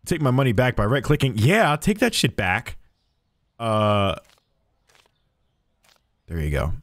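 A man's voice: mid-range voice, wildly swooping pitch, slow, no room sound, clean studio sound. A man streaming a game, chatting playfully with in-game customers as if he were a cheerful cashier. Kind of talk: casual gameplay commentary.

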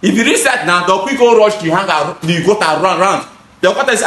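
Talking fast in a high-pitched, animated voice that is pushed and bright, with a roomy sound, a Nigerian-accented man who installs and sells gutters casually explains his goods to the camera. He is emphatic, repeats phrases, and switches into pidgin.

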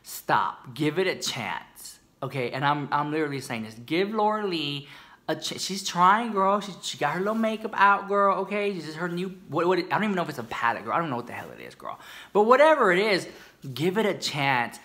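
High-pitched, very animated and brisk with a sharp tone, this American man talks beauty news on YouTube. His gossip to camera is sassy, chatty and dramatic, and he calls the viewer "girl."

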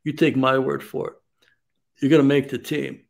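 A man in his sixties, a baseball executive guest on a sports radio interview, telling stories at a measured pace with frequent fillers. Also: medium pitch, fairly even intonation, vocal fry. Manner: measured storyteller, frequent "um" and "you know".

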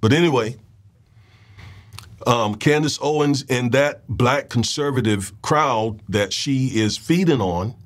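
A man's voice: mid-range voice, slow. Man, commentary host, casual monologue, conversational, repeats himself, mid-range voice. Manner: conversational, repeats words and restarts, asks audience checks.

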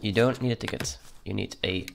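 A man's voice: lowish voice, steady tone, brisk, vocal fry, noisy background. A man commenting on his gameplay in a put-on Russian accent, playing a stern border guard. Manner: curt, stern official tone toward game characters. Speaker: let's play gamer.

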